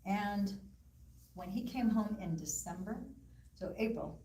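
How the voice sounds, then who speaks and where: A woman presenter with a medium-pitched voice tells a story to a live audience, acting out the voices of the people in it. Her voice carries through an echoey room from a distance from the mic. Faint noise sits underneath. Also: measured pace. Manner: animated, acts out quoted voices. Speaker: presenter at a live wellness event. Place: event room.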